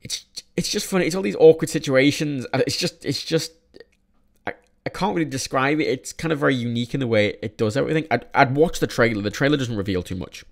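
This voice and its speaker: A man's voice: mid-range voice, fast talker, gravelly. A young man casually reviewing films in a vlog, rambling with many restarts and frequent swearing. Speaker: film reviewer.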